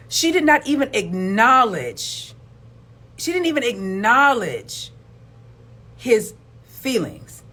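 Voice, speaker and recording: Husky woman with a lively, swooping voice. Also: medium pitch. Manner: emphatic and preachy, repeats words for stress. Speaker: relationship commentator. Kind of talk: opinionated video commentary.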